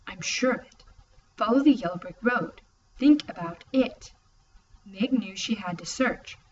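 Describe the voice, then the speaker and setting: A woman reading an audiobook, voicing a calm, amused teenage boy who speaks in a slow, wry, measured way. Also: medium pitch, lightly acted. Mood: earnest. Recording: distant, muffled, faint hiss.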